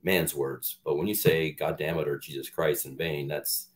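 Deep-voiced middle-aged man, rambling and candid. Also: steady tone, moderate pace. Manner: candid rambling storyteller, many restarts. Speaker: actor, interview guest. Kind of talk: casual interview chat.

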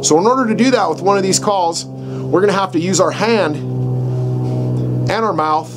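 A man's voice: high-pitched, very animated, measured pace, music in the background. A middle-aged man teaching outdoors how to use a game call, in a casual, folksy way that keeps checking in with "right?". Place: outdoors in the country, dogs barking nearby. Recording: faint outdoor background noise.

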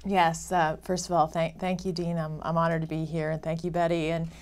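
A woman, a former senator, answering interview questions in a halting way with restarts. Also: low-pitched, level tone, darkish tone.

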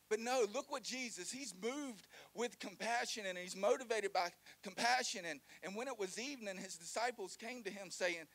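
A man preaching a lively sermon, joking and calling the congregation to repeat lines. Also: sits high, fairly quick, hardly any pauses. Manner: animated, joking, call-and-response with congregation. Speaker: pastor.

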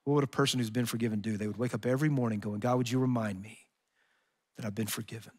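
A man preaching a sermon as pastor, in an earnest, conversational way that voices imagined speakers, then slowing into soft prayer. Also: mid-range voice, steady tone. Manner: closes in soft, slow prayer. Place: church sanctuary. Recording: long hall reverb.

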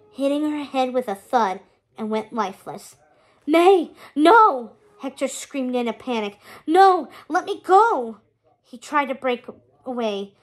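Expressive woman reader for a children's chapter book, high voice. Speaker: storybook reader.

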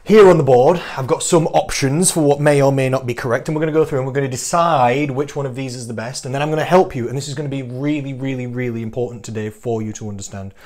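A man, a fitness coach giving an energetic, teasing talk to camera full of rhetorical questions. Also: medium pitch, quick pace, hardly any pauses.

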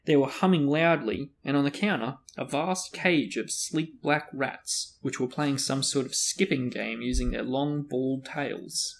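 A man's voice: medium pitch, measured pace, vocal fry, few pauses, slight background noise. A man reading a fantasy novel aloud as host of a book discussion. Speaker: reader and host.

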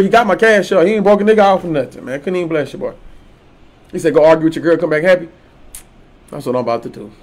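A man live-streaming a video game, talking loosely in slang and trash-talking other players. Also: high-pitched. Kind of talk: casual live-stream chat.

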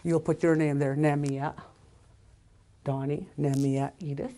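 An older woman with a low, deep voice teaching an informal language lesson. She talks haltingly and often loses her thread and starts a sentence over. She breaks words into syllables and repeats them slowly. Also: steady tone, warm tone.

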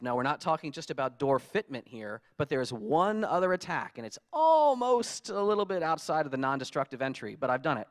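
A man giving a conference talk, telling lively stories and acting out his own frustrated quotes. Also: on the high side, a little fast. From United States. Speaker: conference speaker. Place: conference hall.

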